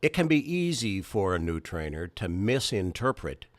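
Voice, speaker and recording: A man narrating a training video introduction from a script in a measured, explanatory way. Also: low voice, sing-song, no room sound.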